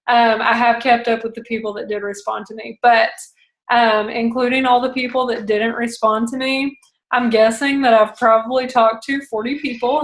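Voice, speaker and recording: Chatty young woman giving sales tips, bit high pitched, roomy sound. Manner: chatty, acts out phone calls in quoted voices. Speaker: direct sales consultant coaching a team. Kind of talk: casual coaching talk. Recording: roomy echo.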